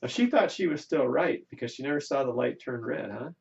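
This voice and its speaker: A male economics lecturer with a gravelly voice talks through a classroom lesson in a chatty, folksy way. He keeps checking in with "right?". The recording is dull and lo-fi. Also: medium pitch, animated, brisk, darkish tone.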